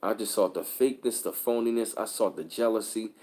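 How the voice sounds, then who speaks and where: A man hosting his channel, telling stories in a profane, animated, casual rant with lots of filler. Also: on the low side, a little fast. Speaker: channel host.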